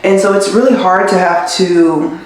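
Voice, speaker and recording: With a lowish, steady voice at normal speed, the nurse keeps confiding as she styles her hair at home, rambling emotionally and saying "like" constantly. The very echoey room comes with a noisy background.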